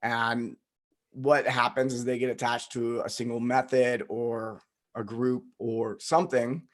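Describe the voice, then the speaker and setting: A man's voice: mid-range voice, flat delivery, a little slow. A man hosting a podcast interview, reflecting on a topic in a conversational way, with frequent fillers. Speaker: podcast host.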